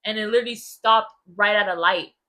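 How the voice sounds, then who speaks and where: Bright-voiced young woman chatting casually. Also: mid-range voice. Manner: chatty, storytelling, quick asides. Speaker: podcast co-host. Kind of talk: casual chat.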